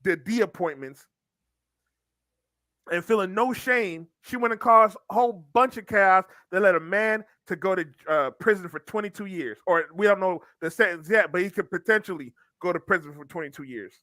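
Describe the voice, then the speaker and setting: Bright high guy cohost, lectures w lots of restarts, dry sound. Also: normal speed, no room sound. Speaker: podcast co-host. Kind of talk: casual commentary chat.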